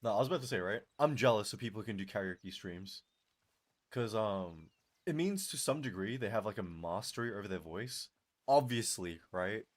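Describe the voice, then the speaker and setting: Male streamer, lively swooping delivery, laughs a lot, voice worn from talking. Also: on the low side, normal speed. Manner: animated, laughs often, answers chat. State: strained, tiring voice. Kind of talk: casual live-stream chat.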